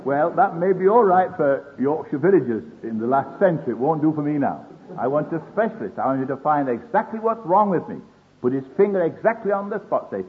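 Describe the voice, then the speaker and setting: A man's voice: fairly high pitch, big pitch swings, fairly quick. An older man preaching a sermon in an earnest way, acting out the voices he quotes. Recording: tinny phone-like old sermon tape.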